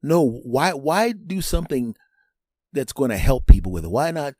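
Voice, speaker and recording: A man delivering a comedic monologue as host. His pitch leaps and swoops as he tells the story, and he keeps checking in with asides. The sound is dry and close. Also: moderate pace, no room sound. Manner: animated storytelling with sudden pitch jumps; frequent asides asking "right?".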